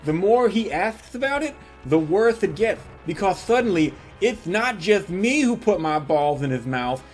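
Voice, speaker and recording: A man telling a comic story in an animated, profane way, building jokes with sudden changes in loudness. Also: high voice, unhurried, soft background music. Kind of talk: comedic storytelling monologue.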